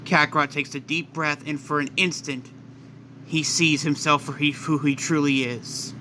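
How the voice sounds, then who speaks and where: A man narrating a fan-made story in quick, excitable storytelling. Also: fairly high pitch, a little hiss or hum. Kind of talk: casual fan-fiction narration.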